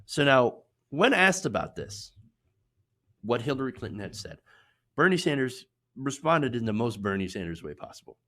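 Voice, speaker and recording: This is a man hosting a live political commentary show. His delivery is very lively, with pitch leaping around as he hammers home his points. Between rants he drifts into loose, filler-heavy asides, all at an everyday middle pitch. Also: normal speed. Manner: emphatic, indignant, repeatedly raising his voice for emphasis; rambling, with many fillers and restarts when speaking off the cuff.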